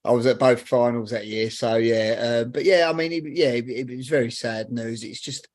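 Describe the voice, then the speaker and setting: A man's voice: medium pitch, steady tone, moderate pace, a little mellow. A man co-hosting a casual football radio chat, stumbling and repeating his words. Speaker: co-host.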